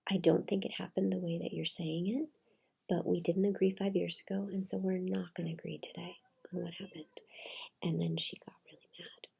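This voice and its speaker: A middle-aged woman retelling a personal story in a soft, half-whispered way, with many fillers. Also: on the low side, little pitch movement, brisk, gravelly, husky. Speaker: channel host.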